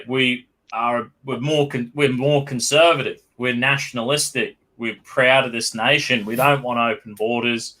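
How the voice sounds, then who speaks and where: Bright-voiced Australian podcast host. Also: male voice, mid-range voice. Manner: blunt, profane, emphatic. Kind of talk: casual podcast banter.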